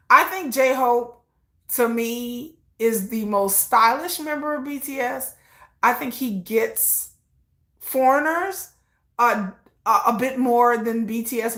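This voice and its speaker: Animated woman chatting on a livestream. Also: a little high, echoey room. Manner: animated, expressive, swears freely, frequent "I'm like" asides; reads and answers viewer chat comments. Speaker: livestream host. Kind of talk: casual livestream chat. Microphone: streaming setup.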